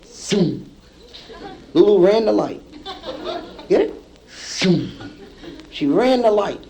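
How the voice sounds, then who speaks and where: A male stand-up comedian telling a story to a live audience, acting out the people in it with lively punchlines, from an old vinyl comedy album. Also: high-pitched, normal speed, vocal fry, rough recording. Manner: acts out characters in the story, lively punchline delivery. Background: audience laughter.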